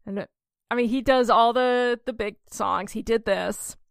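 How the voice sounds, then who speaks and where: A woman co-hosting a casual podcast chat, slightly high-pitched with a gravelly edge. She tells stories with lively energy and laughs often. The sound is close and dry. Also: a little slow, no room sound. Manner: animated storyteller, laughs often. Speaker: podcast co-host.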